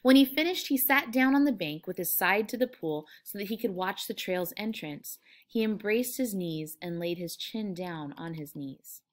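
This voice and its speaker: A woman's voice: medium pitch, expressive, normal speed, hardly any pauses. A woman English teacher reading a novel aloud and explaining it to her students, with frequent fillers.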